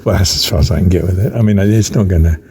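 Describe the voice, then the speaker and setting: An older man giving a reflective spoken meditation on faith, musing slowly, halting on fillers and dropping into soft whispered asides. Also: low-pitched, slight background noise. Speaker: speaker on faith.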